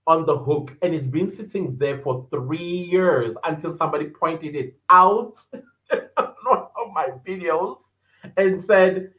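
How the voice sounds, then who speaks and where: A fairly high-pitched male podcast host talks a little slowly on his livestream, keeping things casual and laughing frequently. As he reads viewers' comments aloud, he greets each by name. The audio is lo-fi and dull, captured in an echoey room.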